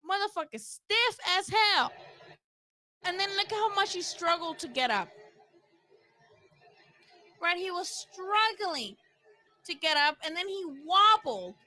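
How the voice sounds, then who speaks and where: High, bright-voiced woman ranting about boxing. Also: sing-song, takes it slowly, pauses often, dry recording. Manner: blunt, profane, talks back to chat. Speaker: boxing livestream host. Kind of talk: casual post-fight livestream commentary.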